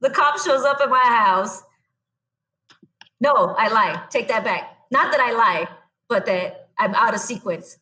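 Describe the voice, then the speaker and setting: A young adult woman, a podcast guest, telling her own story in a blunt, animated way and acting out what she said back then. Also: on the high side, a little slow. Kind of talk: casual storytelling.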